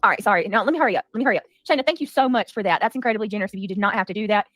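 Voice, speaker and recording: A woman hosting a heated livestream, talking fast and defensively with many restarts. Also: medium pitch, fairly bright tone, dry recording, studio quality. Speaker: livestream commentary host. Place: home.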